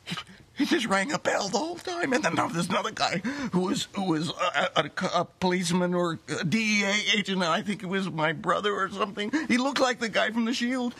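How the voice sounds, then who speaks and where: An actor playing an excitable husband who rambles breathlessly about a nightmare in a comedy sketch. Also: male voice, sits high, fairly quick, slightly rough, heavily acted. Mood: rattled. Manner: breathless, rambling, frantic storytelling. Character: excitable middle-aged husband, jumpy and rambling.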